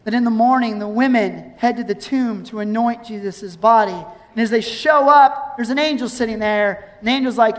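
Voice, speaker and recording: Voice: mid-range voice, normal speed, hardly any pauses. A pastor preaching a sermon, retelling scripture as a story and acting out its scenes. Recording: long hall reverb.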